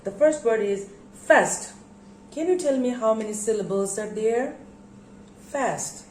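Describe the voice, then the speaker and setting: A woman teaching a lesson, stretching out words and repeating them for her students. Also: on the high side. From Bangladesh. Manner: slow, drawn-out word emphasis, repeats words for students. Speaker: English teacher. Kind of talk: recorded classroom lesson. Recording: echoey room, faint background noise.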